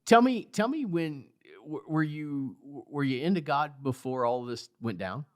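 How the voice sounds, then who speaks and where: A man's voice: a little high, expressive, a little slow. A man hosting a podcast, asking eager, curious questions and laughing easily. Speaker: podcast host. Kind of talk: conversational interview.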